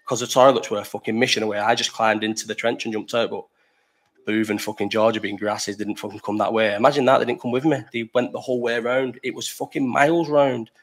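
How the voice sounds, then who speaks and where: A man's voice: medium pitch, fairly even intonation, fast. A young man hosting a live chat, rambling through a festival story, swearing freely and breaking off to answer the chat. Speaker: livestream host.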